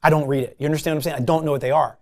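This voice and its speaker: Guy with a kinda high voice running a sales meeting, animated, coaching the team. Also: racing, creaky. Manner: animated, coaching, acts out phone calls. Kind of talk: casual sales meeting talk.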